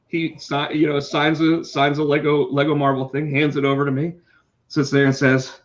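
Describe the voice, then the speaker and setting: Animated storytelling man, lo-fi sound. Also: on the high side, moderate pace. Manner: animated, swears, acts out quotes. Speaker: podcast co-host, comic book artist. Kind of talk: casual storytelling chat. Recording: slightly dull lo-fi sound.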